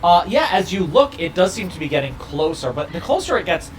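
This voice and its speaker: High, wildly animated man. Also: a little fast, slight background noise. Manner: animated, with sudden high jumps. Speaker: player. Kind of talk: casual tabletop play.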